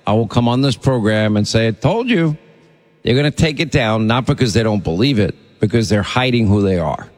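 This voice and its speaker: A man hosting a talk radio show, greeting callers and moving them along in a brisk, chatty way. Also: fairly low pitch, darkish tone, big-room sound. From Long Island, New York.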